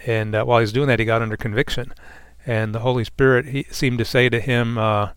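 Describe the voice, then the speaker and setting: A man's voice: medium pitch, fairly even intonation, fast talker, hardly any pauses, clear, resonant tone, no room sound. A man on a Bible discussion panel speaking earnestly and reflectively, often repeating words as he gathers his thoughts.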